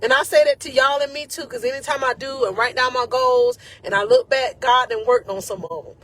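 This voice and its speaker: Woman life coach, high and breathy, talking faith to her viewers, emotional and near tears. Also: brisk, a bit bright. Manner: casual and encouraging, addressing viewers as y'all. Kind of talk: inspirational faith talk to viewers.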